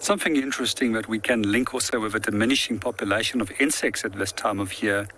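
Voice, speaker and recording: A man safari guide explaining wildlife facts in steady live commentary from an open game-drive vehicle. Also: fairly low pitch, quick pace, slight background noise.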